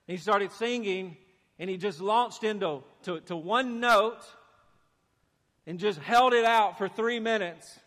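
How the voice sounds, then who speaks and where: A man preaching a sermon in a church, animated and acting out the voices he quotes. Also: high voice, takes it slowly. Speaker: pastor. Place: church sanctuary. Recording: long hall reverb.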